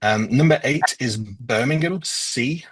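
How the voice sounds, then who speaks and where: A man from northwest England hosting a trivia quiz over a video call, going through the answers casually with frequent ums and pauses. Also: medium pitch, fairly bright tone, husky, no room sound, rough recording. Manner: hesitant, lots of ums. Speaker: quiz host.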